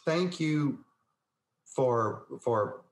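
A man's voice: mid-range voice, animated, very slow. A man hosting a podcast interview, speaking earnestly with stammering restarts. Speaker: podcast host. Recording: echoey room.

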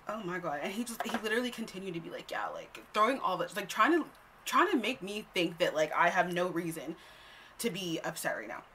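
A young woman tells a story to her viewers in a loose, animated way, blunt and full of swearing. Her voice sits a little low and rings very bright, with a forceful edge. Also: fairly quick, slight background noise. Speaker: storytime host. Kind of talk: casual storytime vlog.

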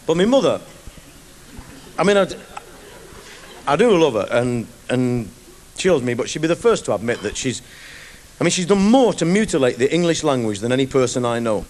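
A man's voice: medium pitch, sing-song, normal speed, pauses often, darkish tone. A man with a Manchester accent telling rambling, comic stories as a stand-up comedian, live in front of an audience. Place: live venue before an audience. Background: audience laughter.

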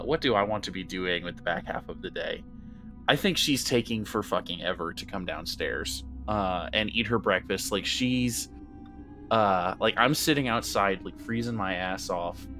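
A man's voice: on the low side, sharp tone. A man playing a tabletop horror game, casual and rambling, swearing freely. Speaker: player. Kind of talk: tabletop role-play chat.

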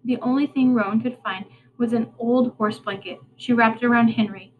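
A woman's voice: fairly high pitch, fairly even intonation, moderate pace, phone-quality sound, a little hiss or hum. Woman reading a storybook aloud. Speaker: reader. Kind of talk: reading a children's novel aloud.

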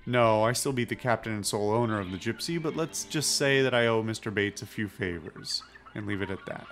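A man's voice: lowish voice, gravelly, a bit bright, faint music behind. A man putting on a salty pirate captain. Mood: boastful. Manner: hammy pirate accent, drawn-out speech.

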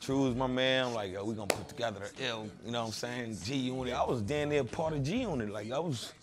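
A man's voice: medium pitch, quick pace. A man being interviewed, telling stories in a blunt, profane, streetwise way. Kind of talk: casual interview talk.

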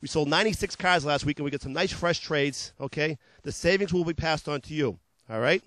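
A high-pitched man rattles off car deals in bouncy, repetitive salesman patter for a local TV ad, laughing off his tongue slips. He talks a little fast with a slightly bright tone. The audio is dry and close, free of room echo.

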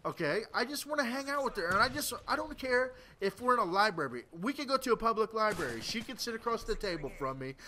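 A man's voice: sits high, bright, forceful tone, slight background noise. A tired man doing casual game commentary, rambling crudely and stammering through restarts. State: tired late at night. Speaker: gameplay commentator.

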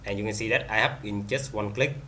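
Bright-voiced man demoing software haltingly. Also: fairly low pitch, slight background noise. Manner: halting, many fillers and restarts. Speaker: software reviewer. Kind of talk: screen-recorded software demo.

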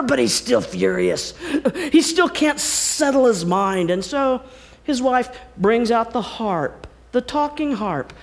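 A woman preaches a storytelling sermon in a church, with a high voice. She bursts into exclamations and then drops into hushed, earnest tones. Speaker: guest speaker.

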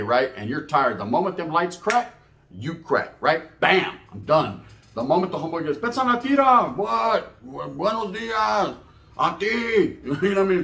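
A man's voice: fairly high pitch, fairly bright tone, reverberant. A man telling prison stories in a casual, profane, slang-heavy monologue, laughing at his own tales. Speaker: storyteller recounting prison life.

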